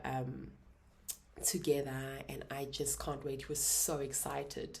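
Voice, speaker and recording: South african woman in her 30s, low voice, soft and halting, telling her own story on a vlog. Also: level tone, creaky, slight background noise. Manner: soft, halting, emotional retelling. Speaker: YouTuber.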